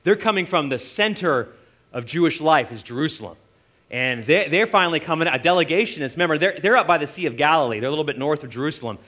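A man preaching a sermon, retelling Bible stories with animated voices for the disciples. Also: a little high, quick pace. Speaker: pastor.

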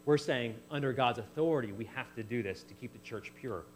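A man's voice: mid-range voice, fairly quick, a little hiss or hum. A man preaching an expository sermon, acting out the figures he quotes. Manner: animated, acts out biblical figures in quotes.

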